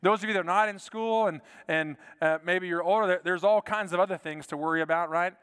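Earnest pastor preaching in a reverberant church. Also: male voice, high-pitched, a little fast, clear, resonant tone. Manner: earnest, repeats words, drops to soft quiet lines for emphasis. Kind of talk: sermon.

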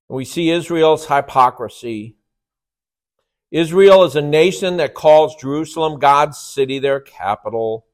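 A man preaching a sermon to his church, emphatic and often asking rhetorical questions. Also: fairly high pitch. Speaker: pastor.

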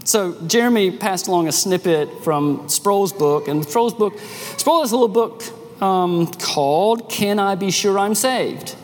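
Lively man preaching in an echoey hall. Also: high voice, measured pace, a little hiss or hum. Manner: emphatic, lively preaching with frequent restarts. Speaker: pastor. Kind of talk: sermon. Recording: long echo of a hall, faint ambience.

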